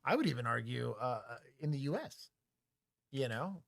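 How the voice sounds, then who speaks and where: A middle-aged former police officer with a Texan accent, co-hosting a casual livestream chat in a candid, joking way. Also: male voice, mid-range voice, sing-song, moderate pace, creaky, a bit bright. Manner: candid, joking, talks things through aloud.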